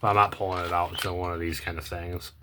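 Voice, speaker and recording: Deep voiced young guy rambling about his coin finds, lots of ums, trails off quiet. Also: little pitch movement, fast, background noise. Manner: rambling, hesitant, many ums and self-corrections; low-key, trails off quietly at phrase ends. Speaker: coin collecting vlogger. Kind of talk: casual unscripted commentary while sorting coins.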